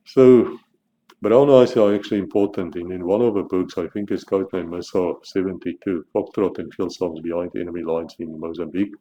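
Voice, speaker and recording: A low-pitched South African man holds forth in a blunt, combative monologue, tripping over repeated words as he pushes his point. His voice is dark and mellow. The audio is dull and lo-fi, with a faint hiss behind it. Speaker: author and channel host. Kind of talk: opinionated monologue to camera.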